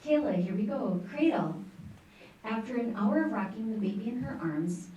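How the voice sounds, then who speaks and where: A woman pronouncing words and reading example sentences at a school spelling bee, in a clear, encouraging, teacherly way. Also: a little high, animated, moderate pace, warm tone, highs cut off. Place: large school room. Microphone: distant microphone. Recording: echoey room from far off, faint noise.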